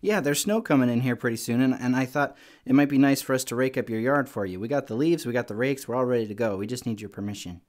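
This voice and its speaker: A man doing a calm, kind dad. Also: mid-range voice, fast, few pauses, lightly acted. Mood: gentle. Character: calm, kind father, patient and big.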